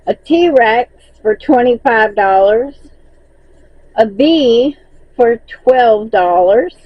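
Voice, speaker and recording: A woman's voice: fairly high pitch, animated, drawn-out words, lo-fi sound. A woman with a Southern accent, chatting casually in a vlog as she recaps her crochet market sales and laughs often.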